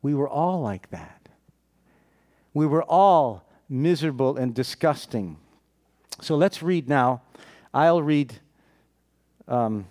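A man with a mid-range, slightly mellow voice preaches a sermon, recounting a Bible story. He acts out the characters' lines and poses questions to his listeners.

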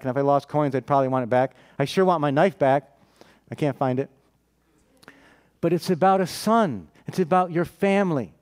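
A male preacher with a fairly high voice works through a Bible story. He voices each character's lines himself and keeps stopping to put questions to his listeners. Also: a little mellow. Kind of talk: sermon.

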